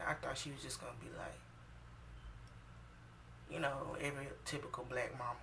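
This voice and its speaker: A woman telling a personal story for her vlog, animated and emphatic, swinging between loud outbursts and hushed asides. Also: extremely low pitch, moderate pace, creaky, pauses often, distant mic, a little hiss or hum. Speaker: vlogger.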